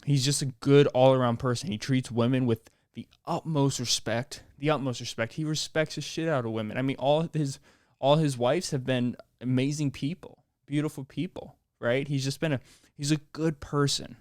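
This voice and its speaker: A young man hosting a solo podcast, rambling in deadpan sarcasm and laughing at his own jokes. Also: mid-range voice, moderate pace, dry recording, studio quality. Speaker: podcast host.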